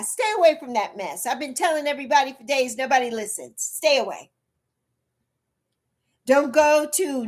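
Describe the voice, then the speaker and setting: A woman in her early sixties chatting bluntly on a livestream, repeating herself for emphasis and answering her chat. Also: high-pitched. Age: 60s. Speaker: livestream host.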